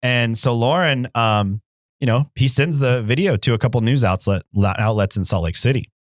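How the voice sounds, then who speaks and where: A man's voice: medium pitch, normal speed, no echo, clean studio sound. A man co-hosting a podcast, telling a long anecdote in casual chat with lots of "like" and "um.". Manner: rambling anecdote full of "like" and "um". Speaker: podcast co-host.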